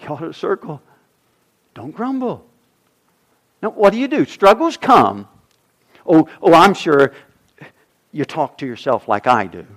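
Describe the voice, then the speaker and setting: A middle-aged man preaching a sermon as pastor, swinging from loud emphasis to near-whispers. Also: fairly high pitch, big pitch swings, unhurried, pauses often.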